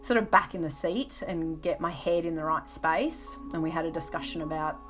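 A middle-aged woman speaks in a slightly low voice, recounting her past frankly and at a thoughtful pace. She often restarts sentences and fills pauses with ums. Soft music plays faintly underneath. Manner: candid, reflective, with frequent restarts and ums. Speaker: former navy helicopter pilot. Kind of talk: interview, personal recollection.

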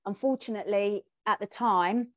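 A woman's voice: medium pitch, moderate pace, no room sound. Woman telling a candid personal story. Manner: animated storyteller, acting out quoted dialogue. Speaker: podcast co-host. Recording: dull, dry and muffled.

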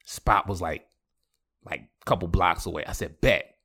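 A man's voice: sits low, fairly even intonation, normal speed, bright, forceful tone, slightly rough. A young man hosting a podcast, telling a personal story in heavy slang, laughing often. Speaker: podcast host. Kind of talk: casual storytelling.

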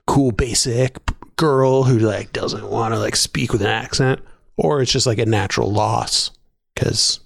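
Man, podcast co-host, gravelly voice with fry, chatty and rambling, dry close sound. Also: mid-range voice, a little slow, no room sound. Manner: chatty, filler-heavy, laughs often. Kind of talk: casual discussion.

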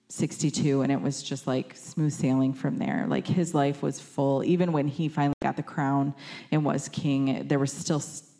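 Low, mellow-voiced woman preaching. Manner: conversational, with fillers and lively quoted voices. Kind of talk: sermon.

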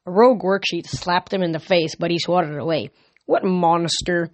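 A man reading a novel aloud as an amateur audiobook, steady with small slips. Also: high voice, brisk, no room sound. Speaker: reader.

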